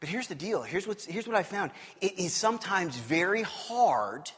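A man with a fairly high voice preaches a sermon. He is open and conversational and keeps asking his listeners questions. His words ring with a long reverb from a church sanctuary. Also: big pitch swings, normal speed, a bit bright, husky. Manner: candid and conversational, with rhetorical questions. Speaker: pastor.

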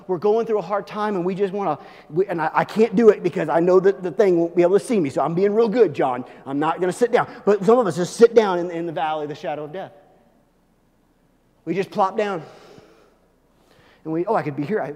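A male pastor preaching a sermon, swinging from hushed, low asides to loud, emphatic proclaiming. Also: normal speed, pauses often, long reverb tail.

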